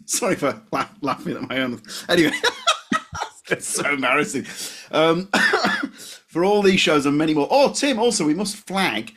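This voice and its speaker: A man co-hosting a podcast in casual chat, animated and quick to laugh at his own jokes. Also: fairly high pitch, slightly rough. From West Yorkshire, England. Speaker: podcast co-host.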